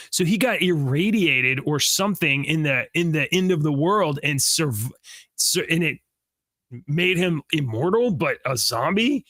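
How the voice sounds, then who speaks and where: Man, podcast co-host, excitable, rambling, lively pitch, dry close sound. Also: no room sound. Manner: excitable, rambling, laughs loudly. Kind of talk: casual chat.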